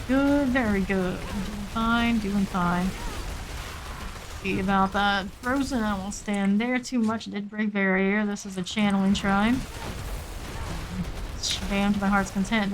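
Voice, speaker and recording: A woman streamer giving steady, matter-of-fact running commentary while she plays a game live. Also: mid-range voice, background noise.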